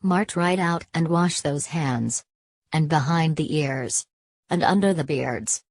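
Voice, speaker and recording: A woman's voice: low voice, slow pace, no echo, heavily acted. A woman voicing a cheerful, bossy young princess in a storybook reading. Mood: stern. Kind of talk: storybook character voice.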